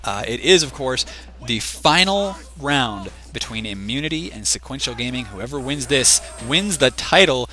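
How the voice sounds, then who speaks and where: Working as a caster on a live team shooter match, a man rambles and thinks aloud, restless and chiding the camera. His medium-pitched voice is animated, bright and pushed at a normal speed, though worn thin and failing after a long event.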